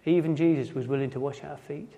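A man's voice: fairly high pitch, fairly even intonation, warm tone, muffled recording. Nottinghamshire man preaching in a reverberant hall. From Nottinghamshire, England. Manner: halting, repeats words and restarts often. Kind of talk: informal sermon.

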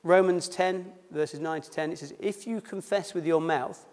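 In a church hall with long reverb, a man preaches at a baptism service in a fairly high, slightly mellow voice at a moderate pace. He's a pastor who drops his H's and follows each scripture reading with a plain, chatty explanation.

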